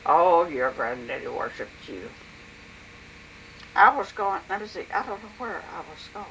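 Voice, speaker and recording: An older woman telling a family story in an oral history interview, in a plain, unhurried way with frequent pauses and "and, uh". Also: fairly low pitch, big pitch swings, background noise.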